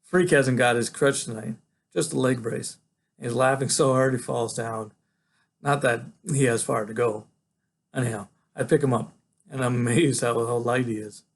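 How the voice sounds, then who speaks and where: A man, a teacher, reading a novel aloud in a relaxed, conversational storytelling way. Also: mid-range voice, normal speed, vocal fry, a little hiss or hum.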